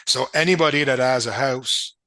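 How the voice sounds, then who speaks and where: Older man, French Canadian accent, interview guest; bright, forceful tone, dry close sound. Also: medium pitch, moderate pace, no echo. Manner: speaks in short restarting phrases with fillers. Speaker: guest, property business owner. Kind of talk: interview talk.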